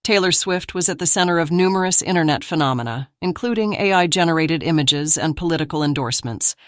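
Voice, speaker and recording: Recap narrator: woman, low register, dry booth sound, even and measured. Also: no room sound. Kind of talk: scripted narration.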